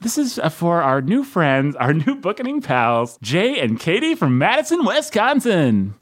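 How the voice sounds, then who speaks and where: A male podcast host who jokes around and rambles through his lines, often stopping to restart a sentence. His voice sits at a middle pitch but swings up and down with a lot of life. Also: wildly swooping pitch, measured pace. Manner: jokey, rambling, self-correcting. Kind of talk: casual podcast chat.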